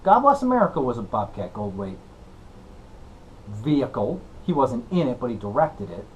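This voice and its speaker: A young man hosting a casual woodworking vlog, goofy and excitable, breaking into shouted exclamations. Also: mid-range voice, moderate pace, a little hiss or hum. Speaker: woodworking channel host.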